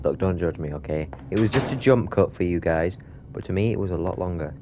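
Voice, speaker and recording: A man doing horror game commentary, swearing a lot and sounding exasperated and excitable. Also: deep voice, a little fast, background noise. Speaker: gaming YouTuber.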